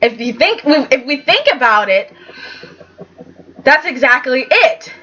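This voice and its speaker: A woman's voice: sits high, animated, slow, pushed and bright, dull audio, a little hiss or hum. A woman giving a chatty, sassy recap of a soap opera and acting out the characters' lines. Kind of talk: casual recap commentary.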